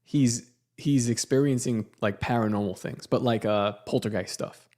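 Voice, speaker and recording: Young guy, casual storyteller, middle pitch, quotes people as he goes. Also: moderate pace, darkish tone. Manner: storytelling, acts out quotes, fillers like "like" and "dude". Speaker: podcast co-host. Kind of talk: casual chat.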